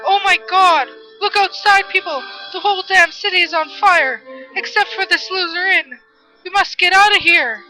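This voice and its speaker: A woman voicing a panicky teenage boy who yells in alarm. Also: sits high, moderate pace, few pauses, pitched above the performer's own voice. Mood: panicked. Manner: shouting, panicked. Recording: muffled lo-fi with music behind.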